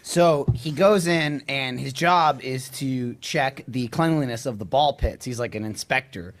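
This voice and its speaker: A man improvising a movie pitch as an eager storyteller. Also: unhurried. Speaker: improv player.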